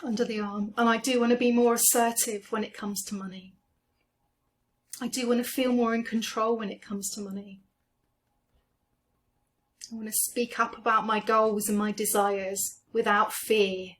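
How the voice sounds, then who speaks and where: Soft-spoken woman guiding a tapping session. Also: a little high, level tone. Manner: slow, gentle, soothing guidance. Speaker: EFT tapping coach. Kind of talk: guided tapping meditation.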